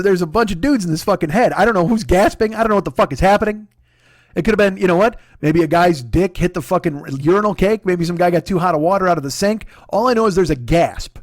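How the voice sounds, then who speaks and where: Profane storytelling man, fairly high voice. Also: no room sound, clean studio sound. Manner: profane, animated, self-deprecating. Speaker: comedian host. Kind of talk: comic storytelling monologue.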